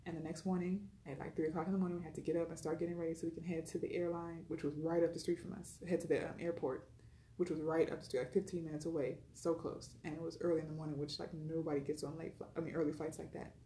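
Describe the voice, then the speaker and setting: Fast-talking woman, echoey room. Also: sits low, level tone, warm tone, slight background noise. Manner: chatty, retells dialogue, frequent fillers. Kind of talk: personal storytelling.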